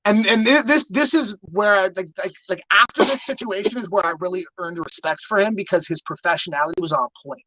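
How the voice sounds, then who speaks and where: A man tells a story in a studio and swears freely as he acts out the voices of the people in it. His tone is bright and sharp. The room sounds dry, and the audio is slightly dull. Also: sits high, a little fast, few pauses, no room sound. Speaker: guest entrepreneur and artist manager. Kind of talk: casual storytelling chat.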